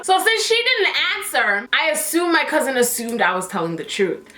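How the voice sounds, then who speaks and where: High bright young woman. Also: fairly quick, few pauses. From Toronto area, Canada. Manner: animated, acts out everyone's lines. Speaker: vlogger. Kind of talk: casual storytime. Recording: echoey room.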